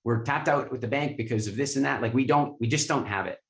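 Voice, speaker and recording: A man voicing his female accountant in a low, flat, matter-of-fact way. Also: fast talker, creaky, reverberant. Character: worried female company accountant.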